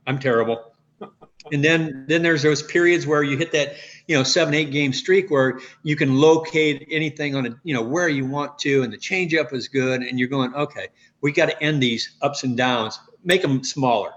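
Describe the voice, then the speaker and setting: A man in his sixties, a former pitcher and guest, telling stories in a rambling way with many restarts. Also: a bit bright. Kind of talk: casual interview storytelling. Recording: dull lo-fi audio.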